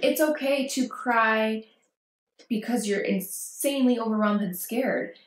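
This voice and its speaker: A woman's voice: on the high side, measured pace. A woman vlogging parenting advice, talking casually and reassuringly to camera and acting out worried quotes. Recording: echoey room.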